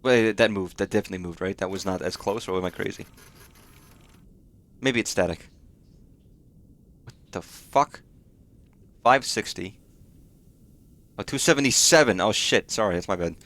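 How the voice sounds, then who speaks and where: A man's voice: on the low side, moderate pace, long pauses, fairly bright tone. A man streaming a game, giving casual commentary and swearing freely as he mutters startled remarks to himself.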